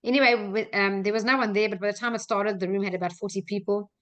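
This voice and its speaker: Woman, Australian accent, middle-aged, webinar host, earnest storytelling, average pitch. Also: steady tone, fast talker. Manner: earnest storytelling with frequent fillers. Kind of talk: personal development webinar talk.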